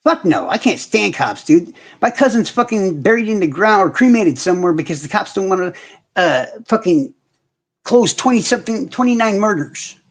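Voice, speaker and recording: A man's voice: high-pitched, sing-song, moderate pace. Profane, combative man ranting on a livestream. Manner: answers chat comments directly. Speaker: livestream host. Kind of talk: casual livestream chat.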